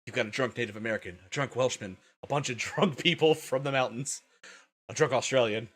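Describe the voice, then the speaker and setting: A man's voice: medium pitch, brisk, a bit bright. A man hosting a casual livestream, sleepy and tired, swearing often and laughing a lot. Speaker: livestream host.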